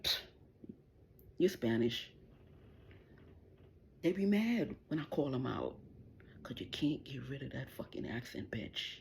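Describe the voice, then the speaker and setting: A woman's voice: low voice, vocal fry, a little hiss or hum. A middle-aged woman hosting a livestream, delivering an angry, profane, taunting rant straight at the people she is addressing. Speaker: livestream host.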